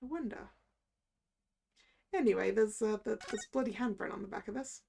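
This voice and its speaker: A woman's voice: medium pitch, moderate pace, creaky, a little mellow, husky. A woman streamer chatting and reading game dialogue aloud. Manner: chatty asides. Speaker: let's play streamer.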